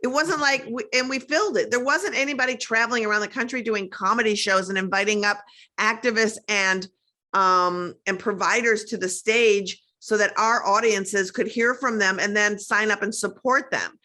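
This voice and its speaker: Animated Minnesotan woman, bright voice. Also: medium pitch. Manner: animated, quick, peppered with "like". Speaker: guest, comedian and activist. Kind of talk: casual video-call chat.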